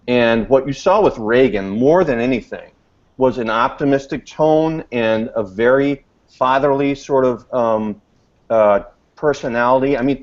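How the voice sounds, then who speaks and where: A man offering a measured rebuttal in a political panel, pausing with ums along the way. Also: medium pitch, highs cut off. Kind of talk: political discussion.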